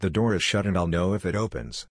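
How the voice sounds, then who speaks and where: Naruto, a calm, firm teen ninja, read by a man. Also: sits low, quick pace, no room sound, clean studio sound. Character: calm, blunt blind teenage boy ninja.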